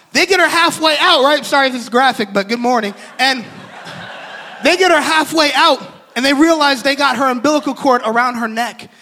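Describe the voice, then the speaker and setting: Animated high-voiced man preaching in a hall. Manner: animated, acts out quotes, laughs often. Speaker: pastor. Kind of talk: storytelling sermon.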